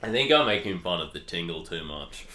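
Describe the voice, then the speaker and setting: A young man chatting casually on a livestream, laughing often and bursting out loudly at times. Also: sits low, very animated, a little fast. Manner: laughs often, loud outbursts at viewer counts. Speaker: livestream co-host. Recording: echoey room, faint noise.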